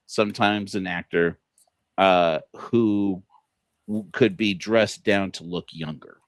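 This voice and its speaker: A low-voiced man talking loosely on a livestream, full of ums, restarts and little laughs. The sound is dry and close, with no room around him. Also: fairly even intonation, takes it slowly, dry recording. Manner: rambling, many fillers and restarts, laughs at own jokes. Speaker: podcast host. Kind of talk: casual livestream commentary.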